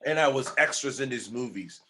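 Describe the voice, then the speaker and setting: Bright-voiced, animated male podcast host. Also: medium pitch, brisk. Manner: animated, laughing, repeats himself for emphasis. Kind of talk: casual chat.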